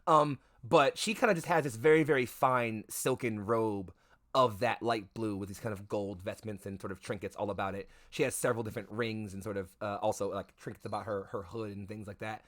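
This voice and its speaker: A man's voice: fairly low pitch, steady tone, fairly quick, fairly bright tone. A man running a tabletop game as game master, rambling through fillers and self-corrections, and swearing now and then. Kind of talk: narrating a tabletop game on stream.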